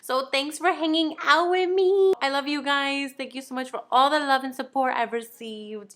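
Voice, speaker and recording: A woman's voice: high voice, moderate pace, few pauses, fairly bright tone. A young woman chatting casually in a beauty vlog, bubbly and rambling, joking about herself. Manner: bubbly, rambling, self-deprecating with laughs. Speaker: beauty YouTuber.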